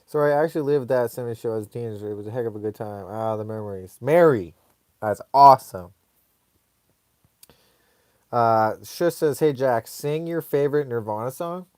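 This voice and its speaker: A man's voice: medium pitch, normal speed, a little mellow, smooth, no echo, studio quality. A man hosting a casual live stream, rambling in a laid-back way and reading viewer comments aloud.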